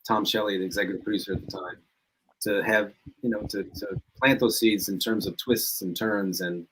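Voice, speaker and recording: A man guesting on a podcast, telling lively anecdotes in casual chat and laughing often. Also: lowish voice, moderate pace, a little hiss or hum, rough recording. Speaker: podcast guest, former reality show contestant.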